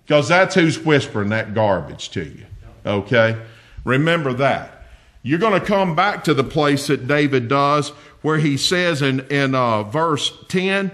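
A man preaching a sermon, reading old-fashioned scripture and talking straight to the congregation in an animated way. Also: mid-range voice, unhurried. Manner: animated, talks directly to the congregation.

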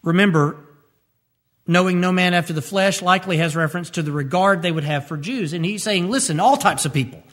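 Emphatic high-voiced male preacher. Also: brisk, fairly bright tone. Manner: emphatic preaching, repeats key phrases, pitch leaps up when stressing points. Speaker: pastor. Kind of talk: radio sermon.

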